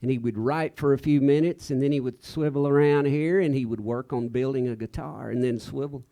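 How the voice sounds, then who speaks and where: A singer-songwriter man telling a story to a live audience in a chatty, animated way, acting out the people in it. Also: mid-range voice, fairly quick. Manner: chatty, animated, acts out the quoted voices. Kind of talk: casual onstage storytelling. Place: live stage.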